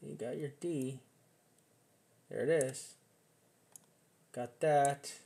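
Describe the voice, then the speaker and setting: A man's voice: medium pitch, fairly even intonation, extremely slow, creaky, dark tone. A man casually walking through crypto price charts, rambling and restarting his sentences as he thinks aloud. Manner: swears casually. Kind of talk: casual live chart analysis.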